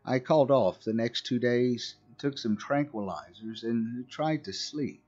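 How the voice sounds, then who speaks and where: A man narrating a scripted horror story in a slow, measured way. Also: mid-range voice, darkish tone. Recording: muffled recording with faint music.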